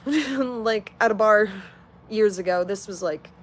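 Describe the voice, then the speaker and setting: A woman's voice: mid-range voice, takes it slowly. A woman in her late twenties chatting casually on a livestream, reading out comments in a blunt, heavily profane way. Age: 20s.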